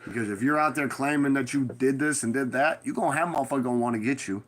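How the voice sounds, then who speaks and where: Man, rambling monologue, street slang, heavy swearing, blunt stern warnings, mid pitch. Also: fast. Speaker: vlogger giving street advice.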